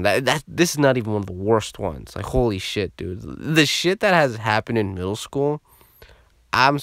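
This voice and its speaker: A young man telling a story in a casual vlog, animated and heavy on swearing. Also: fairly low pitch, vocal fry, dry recording, clean studio sound.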